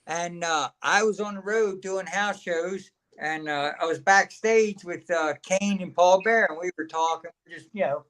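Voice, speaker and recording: A man's voice: high-pitched, moderate pace, few pauses, a bit bright. A man, a wrestling guest at a fan signing, telling casual, rambling anecdotes and laughing as he goes. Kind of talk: casual storytelling.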